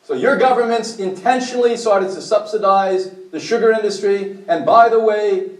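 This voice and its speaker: A man with a high voice lectures a group, blunt and preachy, putting questions to his listeners. He is heard from a distance in an echoey meeting room. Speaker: speaker at a health meeting.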